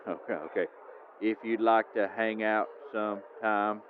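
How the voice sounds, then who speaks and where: A man's voice: medium pitch, lively intonation, quick pace, lightly acted. A man playing a nervous, over-eager small-town fan who stammers and giggles. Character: nervous, starstruck small-town male superfan. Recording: lo-fi phone-like audio with faint hiss.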